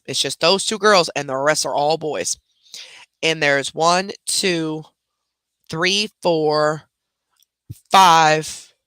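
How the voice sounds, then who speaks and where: A woman talks in a casual, animated storytelling chat. Her voice is bright and forceful and close, with a dry sound and no room echo. She swears freely and lets her words run loose. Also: low voice. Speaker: host telling a family story.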